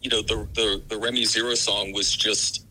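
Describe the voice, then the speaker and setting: A man joining a radio show by phone, answering in a measured, thoughtful way. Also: on the low side, little pitch movement, bright, forceful tone, slight background noise, low-quality recording. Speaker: phone guest, TV show creator. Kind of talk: casual phone chat.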